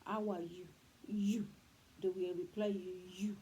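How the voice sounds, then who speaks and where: Her delivery is flat and measured, her medium-pitched voice warm, as this middle-aged Nigerian woman with a Yoruba accent offers earnest parenting advice. She repeats herself emphatically and preachily as a talk host, on a rough recording with faint noise behind her.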